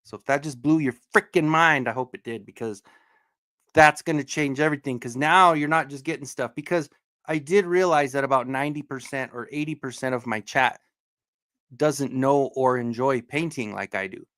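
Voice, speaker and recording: A man's voice: mid-range voice, moderate pace, a bit bright, dry recording, clean studio sound. A man from Southern Colorado hosting a livestream, greeting his chat in a loose, joking way with casual swearing. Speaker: livestream host.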